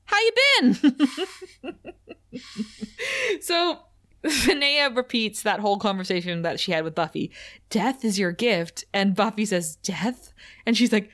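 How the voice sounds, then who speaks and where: This podcast co-host speaks a little slowly with frequent pauses, her medium-pitched voice fairly bright and full of lively intonation. Chatting loosely about a TV episode, she keeps breaking into giggles.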